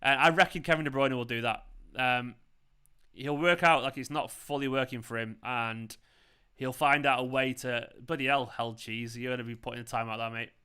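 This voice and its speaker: Mancunian male stream host, bright clear tone, loose and chatty with his viewers. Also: medium pitch, steady tone, moderate pace. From England. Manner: chatty, rambling, reads out chat comments. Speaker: fan channel host. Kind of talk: casual live watchalong chat. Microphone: earphones with mic.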